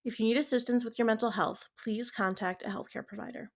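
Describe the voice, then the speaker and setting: A woman's voice: on the high side, steady tone, quick pace, loud music behind the voice. A woman co-hosting a casual podcast, giggly and self-deprecating. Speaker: podcast co-host. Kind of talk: casual chat.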